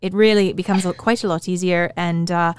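A woman's voice: on the low side, steady tone, fairly quick, a little mellow, clean tone. A woman co-hosting a podcast, chatting casually and playfully, often laughing as she asks questions. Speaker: podcast co-host. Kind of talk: casual chat.

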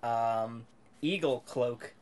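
A man's voice: medium pitch, extremely slow, a little mellow. A man co-hosting a casual group podcast, making goofy, absurd jokes. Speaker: podcast co-host.

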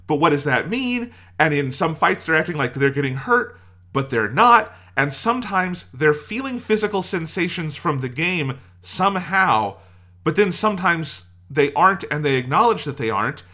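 A man's voice: fairly high pitch, expressive, moderate pace, pushed and bright. A man co-hosting a podcast, ranting in exasperation about a show and firing off rhetorical questions. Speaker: podcast co-host. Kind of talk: casual review discussion.

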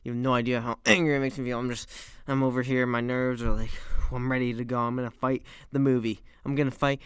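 A man's voice: mid-range voice, flat delivery, quick pace, smooth, no room sound, clean studio sound. A teenage boy rambling animatedly in slang as he reviews a movie series. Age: teens.

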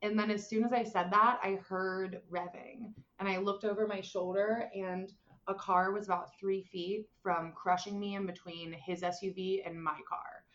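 Young woman, casual animated storyteller with lots of "like"s, slightly muffled recording. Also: mid-range voice, moderate pace. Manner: animated, many fillers, acts out voices in quotes. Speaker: guest telling a personal story.

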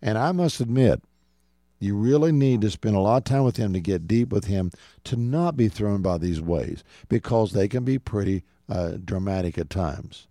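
A middle-aged man delivers a radio sermon in a low, warm, mellow voice. He preaches earnestly and directly, often turning to his listeners as "folks". The sound is close and dry, with no room around it. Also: lively intonation, moderate pace, no echo. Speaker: radio show host and preacher.

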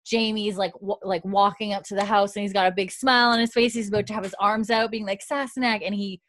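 A woman's voice: medium pitch, level tone, fast talker, a bit bright. A woman co-hosting a podcast, recapping a TV episode in a chatty way full of fillers. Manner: chatty, lots of likes, swears casually. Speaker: podcast co-host.

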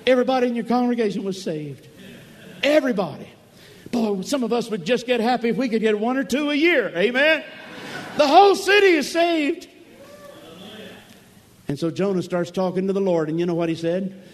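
A man preaching a camp meeting sermon, emphatic, swinging from loud cries to low murmurs, acting out quoted voices and calling for amens. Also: moderate pace, pauses often. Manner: acts out quoted voices, asks the crowd for amens. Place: large church or camp meeting hall.

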